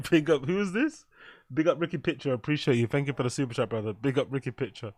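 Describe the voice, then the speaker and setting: Crude joking English streamer. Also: male voice, mid-range voice, no echo, studio quality. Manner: crude, joking, shout-outs to chat. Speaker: live streamer. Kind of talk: casual live reaction stream.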